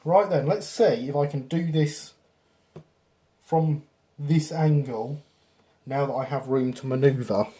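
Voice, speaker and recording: A man's voice: medium pitch, takes it slowly, long pauses. A man hosting a casual live stream while building a model railway, joking at his own expense. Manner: self-mocking, jokey, lively.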